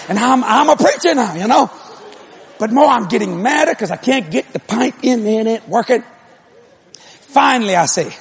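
A male preacher telling a comic story in his sermon, animated and acting out every voice, with an audience behind him. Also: very high voice, normal speed, gravelly, husky. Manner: animated, acts out every voice, hollers.

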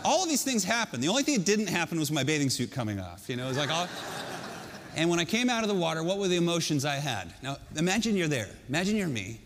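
High-voiced male storyteller, animated and self-mocking, talking to a crowd, long hall reverb. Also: fast, hardly any pauses, slight background noise. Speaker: speaker telling a personal story. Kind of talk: storytelling talk to an audience.

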